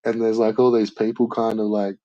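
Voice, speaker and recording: A man's voice: lowish voice, level tone, fairly quick, dark tone, no echo, highs cut off. An Australian man in casual chat, telling rambling, sweary stories full of "like".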